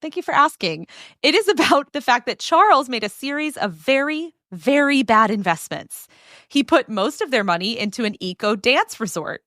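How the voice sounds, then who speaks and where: A woman hosting a podcast, recounting a story in a loose, animated way with plenty of "like" fillers. Her voice sits fairly high, and the recording is dry and close with no room sound. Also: moderate pace, dry recording. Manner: animated retelling with many "like" fillers. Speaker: podcast host telling a story. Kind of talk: casual storytelling chat.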